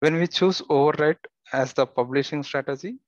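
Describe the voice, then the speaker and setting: Male tutorial instructor, even mid pitch, dry muffled lo-fi mic, plain walkthrough delivery. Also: moderate pace, no room sound. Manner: steady step-by-step instructions with occasional fillers and restarts. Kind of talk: screen-recorded software tutorial.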